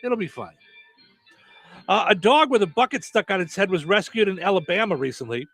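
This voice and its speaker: A man's voice: sits high, animated, brisk, vocal fry, fairly bright tone, no room sound, soft background music. A man hosting a radio show, reading news headlines and tagging each with a wisecracking joke. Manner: wisecracking, jokey punchlines after headlines. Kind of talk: comedic news-headline banter.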